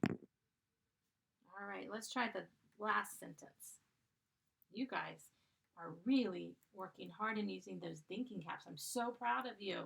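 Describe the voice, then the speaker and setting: A woman's voice: mid-range voice, unhurried, gravelly, fairly bright tone, breathy edge. A woman teaching first graders, giving a dictation lesson in a patient, encouraging way and stretching out the sounds of each word. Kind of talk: slow, clear classroom dictation.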